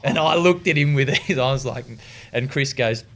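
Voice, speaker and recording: Here the former distance runner talks at normal speed, medium pitch, fairly bright in tone. An Australian-accented interview guest, he spins laid-back stories in a casual chat, swearing freely and often restarting or filling with ums.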